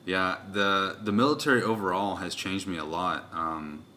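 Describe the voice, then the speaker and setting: A man in his twenties hosting a podcast, telling stories in a loud, rowdy, casual way. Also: deep voice, normal speed, a little hiss or hum. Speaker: podcast host. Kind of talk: casual chat.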